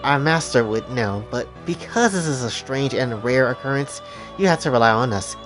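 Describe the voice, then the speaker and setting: A man voicing a haughty, sharp-tongued young female attendant in a fan story retelling. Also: medium pitch, lively intonation, normal speed, music in the background, close to an everyday voice. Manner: commanding, condescending.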